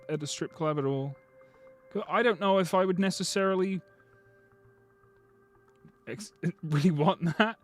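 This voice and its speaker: Lively joking male streamer. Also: a little high. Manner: chatty, jokey, lively. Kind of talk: live stream commentary.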